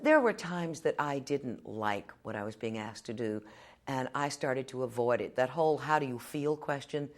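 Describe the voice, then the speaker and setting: A Texas woman in her fifties, a veteran television journalist, answers interview questions casually in a low, deep voice at normal speed. Plainspoken, wry and lively, she turns her points into short stories.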